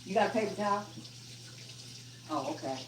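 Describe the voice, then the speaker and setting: An older woman hosts a casual livestream from her home. She chats freely with viewers and fusses over her dog while she cooks. Her voice sits at a middle pitch, with a faint steady hiss in the background. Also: moderate pace. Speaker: livestream host.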